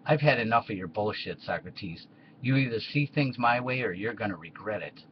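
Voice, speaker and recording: A brash, scornful conqueror, as a man reads him. The voice is low. The recording is dull and lo-fi with faint hiss. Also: lively intonation, moderate pace, natural voice. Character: Alexander the Great, brash bullying conqueror man.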